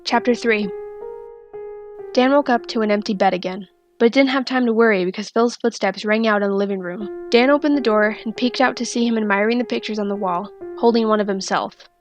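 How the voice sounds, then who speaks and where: Woman reading a fanfic aloud, steady and soft, quiet music behind. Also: medium pitch, fairly quick. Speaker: fanfiction reader. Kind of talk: storybook narration.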